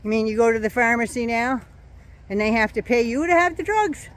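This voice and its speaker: A woman's voice: on the high side, animated, brisk. An older woman vlogging outdoors in her yard, talking to a phone or camera held at arm's length in a sarcastic, mocking casual rant.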